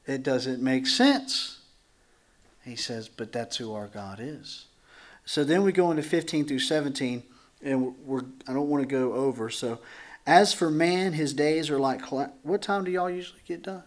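A man's voice: medium pitch, moderate pace. A man preaching as a pastor in a church, teaching through a Bible passage in a conversational way, acting out voices and joking with the congregation. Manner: animated, acts out dialogue, jokes with the congregation.

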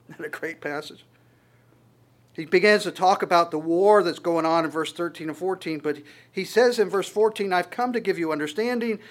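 A male preacher delivers a sermon in a conversational, unpolished way. His voice sits a touch high for a man, and he often stumbles and restarts mid-sentence while quoting scripture. He shifts into small acted voices when he retells a story. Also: moderate pace. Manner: conversational, quotes scripture and acts out voices in passing; frequent restarts and stammers.

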